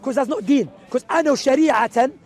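A man's voice: very high-pitched, moderate pace, darkish tone. A man, a street preacher, arguing emphatically in an impromptu outdoor debate, mixing in religious Arabic phrases. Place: outdoors in a city park.

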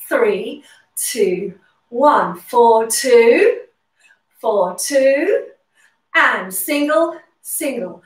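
A woman leading a standing pilates workout, cueing moves and counting reps while slightly out of breath. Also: fairly high pitch. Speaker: pilates instructor. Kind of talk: guided workout instruction. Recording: roomy, distant from the mic.

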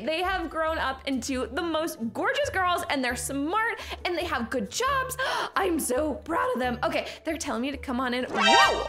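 Bubbly woman host narrating a game role-play; gasps often, lively and up-and-down pitch. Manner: gushing, excitable, gasping often. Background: background music.

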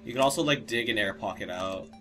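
A man's voice: lowish voice, music in the background. A young man hosting a game session, giving his partner directions in casual chat. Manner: directing, quick outbursts when flustered. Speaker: gaming host.

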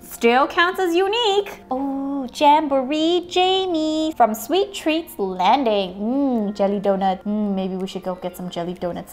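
High, bouncy woman unboxing toys. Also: lively intonation, a little slow, few pauses. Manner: playful, punning, makes sound effects and animal noises. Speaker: toy unboxing host. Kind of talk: playful toy unboxing narration.

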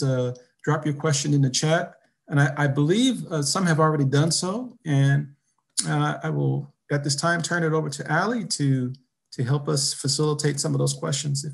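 A man moderating a panel, making slow, halting announcements. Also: a little high, gravelly.

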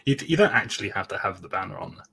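British man, husky, lively pitch, sardonic sidekick. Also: rapid-fire. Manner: dry, sarcastic quips. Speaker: guest co-host. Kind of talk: casual chat.

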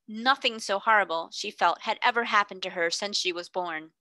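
Bright-voiced woman reading a classic novel. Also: mid-range voice, normal speed, no room sound. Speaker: reader. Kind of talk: audiobook narration.

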